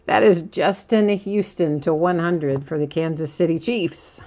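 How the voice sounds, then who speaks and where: A woman's voice: on the low side, measured pace, dark tone. A woman hosting a live card-breaking stream, chatting casually and laughing often as she reads out each card.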